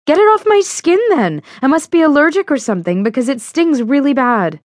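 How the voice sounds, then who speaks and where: A panicky young heroine, as a woman narrator puts her on, pitched high and pushing her voice with alarm. She snaps out urgent questions in a close, dry recording. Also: normal speed, no echo, natural voice. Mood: panicked.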